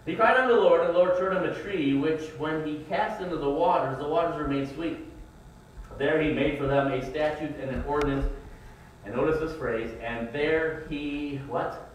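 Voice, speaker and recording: A man's voice: fairly high pitch, fairly quick, slight background noise. Man preaching in an echoey church. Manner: folksy storytelling, acts out his kids' whining voices. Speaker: pastor. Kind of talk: sermon. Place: church sanctuary. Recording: echoey church room, mic at a distance.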